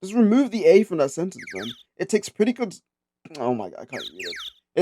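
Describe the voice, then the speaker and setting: A man's voice: fairly high pitch, very animated, a little fast, dark tone, a little hiss or hum. A man casually commenting and reading aloud while playing a video game, with giggly self-mocking asides. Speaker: gaming channel host. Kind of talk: casual let's-play commentary.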